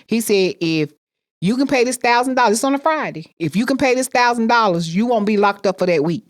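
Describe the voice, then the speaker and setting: A woman's voice: a little high, expressive, fairly quick. A woman telling a personal story with emphatic repetition, acting out the people she quotes. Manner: emphatic, repeats phrases, acts out quoted voices.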